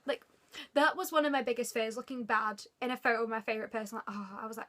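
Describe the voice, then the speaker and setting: Woman vlogger, casual storyteller, fairly high and sharp-toned, excitable, gushing delivery. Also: fast talker.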